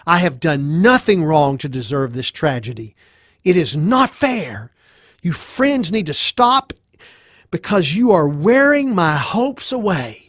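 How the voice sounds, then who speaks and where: A man's voice: a little high, very animated, unhurried, no echo, clean studio sound. A man voicing a suffering, despairing man who pleads his innocence, his voice rising in anguish.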